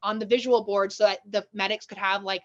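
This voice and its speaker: A woman guest on a casual podcast, chatting quickly and eagerly. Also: mid-range voice, little pitch movement, fairly bright tone. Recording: dull lo-fi audio.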